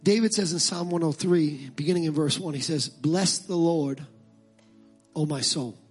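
A man preaching a sermon as pastor, swinging from impassioned shouted calls to relaxed conversational asides. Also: on the high side, moderate pace, slightly rough, faint music behind.

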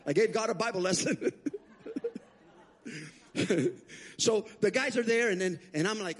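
A man preaching, his voice fairly high and a little husky. He tells stories as a guest preacher and swings up sharply whenever he acts out a quote. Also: normal speed, long pauses. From Puerto Rico. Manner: animated, acts out quotes with big pitch jumps. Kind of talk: storytelling sermon. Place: church sanctuary.

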